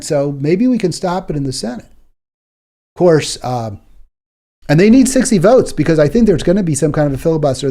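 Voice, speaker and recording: A man's voice: on the high side, warm tone. A man hosting a political talk show, delivering an indignant, exasperated monologue and stumbling over repeated words when worked up.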